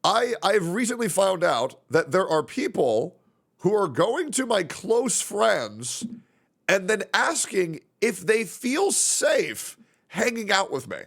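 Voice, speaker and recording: A young man streaming live and talking off the cuff, his pitch swinging up and down as he rambles. He swears freely and reacts to chat messages as he reads them. His voice sits a little high for a man. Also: big pitch swings, takes it slowly, vocal fry, fairly bright tone. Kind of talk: casual livestream chat.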